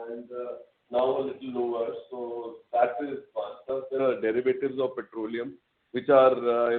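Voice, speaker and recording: A man, a company executive explaining results to analysts in a measured way, with frequent fillers. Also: medium pitch. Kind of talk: earnings call answers. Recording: tinny phone line.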